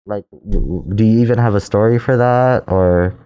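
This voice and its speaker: A man speaks in a very deep, mellow voice during a relaxed podcast chat. He keeps his turns short, asking supportive questions that nudge his co-host along. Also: moderate pace, clean tone, lo-fi sound. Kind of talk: casual chat.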